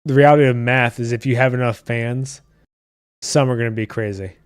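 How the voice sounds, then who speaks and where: A man's voice: mid-range voice, fairly even intonation, a little fast, clear, resonant tone, no echo. A man with a mid-range voice talks in a loose, blunt, profane rant while hosting a casual livestream. The sound is dry and close, with almost no room around it. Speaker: podcast host reading live chat.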